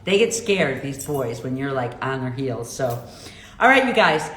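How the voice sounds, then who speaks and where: A woman's voice: a bass voice, very animated, unhurried, fairly bright tone. A middle-aged woman hosting a casual livestream, bubbly and chatty, reacting to viewer comments. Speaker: livestream host, jeweler. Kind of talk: casual live chat reading viewer comments. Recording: echoey room with faint noise.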